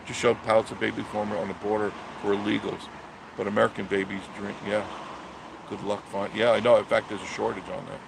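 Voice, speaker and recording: A man's voice: on the low side, little pitch movement, quick pace, gravelly, background noise. A man hosting a live stream, delivering a blunt, preachy monologue and answering viewer comments.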